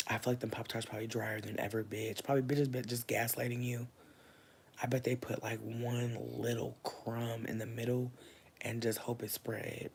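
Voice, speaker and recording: Brief: thirties man, livestream host, mid-pitched, casual and profane, volume jumps from hushed to loud. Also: moderate pace, slight background noise. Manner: expressive, swinging between loud bursts and low murmurs; profane, slangy, chatty.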